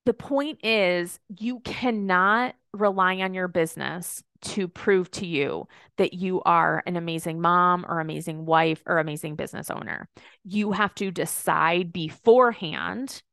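Chatty, smooth-voiced woman podcaster. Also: fairly low pitch, unhurried, fairly bright tone, dry recording, clean studio sound. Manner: chatty and rambling, many "like"s and asides. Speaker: podcast host and business coach. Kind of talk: solo podcast talk.

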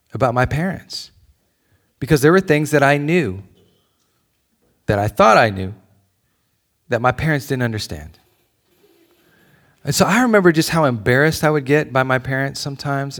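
A middle-aged man, a pastor, preaching a conversational sermon in a church, swinging between loud pleas and soft asides. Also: mid-range voice, gravelly.

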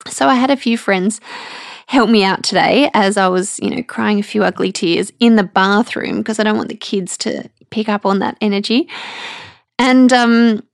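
A woman, hosting a personal podcast, speaking candidly and emotionally with halting restarts, close to tears. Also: mid-range voice, creaky, no room sound. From Australia. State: tearful. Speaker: podcast host.

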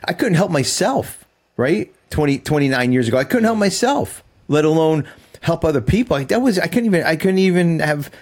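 A man's voice: fairly high pitch, expressive, a little fast. Earnest reflective man in his fifties. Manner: earnest, reflective, laughs often. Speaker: podcast co-host. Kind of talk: casual recovery podcast chat.

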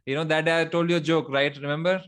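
A young man from India hosts a relaxed conversation in a high-pitched voice. He talks in an animated, loose way, laughs a lot and drops casual swears. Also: fast, clean tone. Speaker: host. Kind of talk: casual chat.

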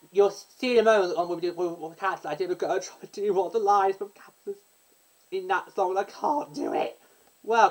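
A woman's voice: mid-range voice, low-quality recording. Rambling woman chatting about a musical. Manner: rambling, self-interrupting, breaks into sung snippets. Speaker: podcast host. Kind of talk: casual chat about a musical.

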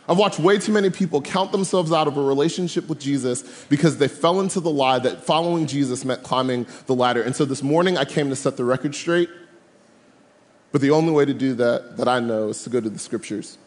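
High-voiced preacher in a reverberant hall. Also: male voice, brisk. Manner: animated, humorous, slangy storytelling. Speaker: camp speaker. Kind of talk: youth sermon. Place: large room with live audience.

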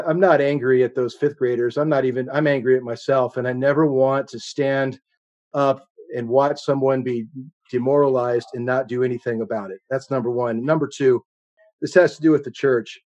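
A middle-aged man preaches with earnest conviction, his voice sitting at an ordinary pitch. He tells a personal story, rising and falling in intensity as he goes. The recording sounds a little dull and muffled. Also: a little mellow. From United States. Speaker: guest preacher. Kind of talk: sermon.

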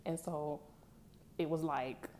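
A young woman talks straight to her viewers, candid and emphatic. Her voice sits a little low, with a warm, mellow tone. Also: steady tone, slow, a little hiss or hum. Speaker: vlogger. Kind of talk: casual storytelling to camera.

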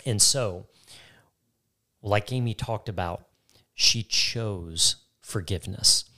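Deep-voiced man giving earnest faith testimony. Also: slow pace, pushed and bright. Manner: earnest, emphatic, repeats phrases for weight. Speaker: co-host. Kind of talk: faith talk, personal testimony.

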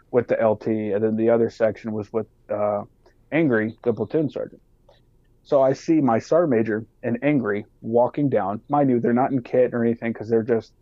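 An army sergeant appearing as a podcast guest tells a story casually, swearing and animatedly acting out other people's voices. His voice is mid-range, with no echo and the highs cut off.

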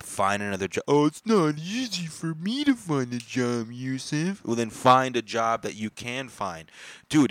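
A man telling a story in an angry, profane rant, getting loud and exasperated as he complains. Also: lowish voice, no room sound.

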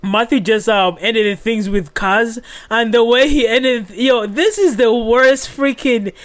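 A young man with a notably high voice talks through a reality-show recap as a podcast host. He is animated and swears freely, leaning on fillers and "yo" between thoughts. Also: slow. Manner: animated, profane, heavy on fillers and "yo".

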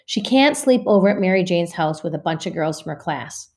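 A woman's voice: lowish voice, expressive, brisk, darkish tone, lightly acted. Woman doing a tired strict mom, clipped and scolding, storybook voice. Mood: firm. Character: tired, stern mother, firm and cross.

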